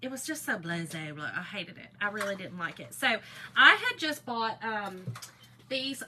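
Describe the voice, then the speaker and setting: Chatty, bright-voiced woman. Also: mid-range voice, normal speed, a little hiss or hum. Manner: chatty, greets viewers by name, excitable. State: one ear still muffled. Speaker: craft livestream host. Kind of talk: casual live-stream chat.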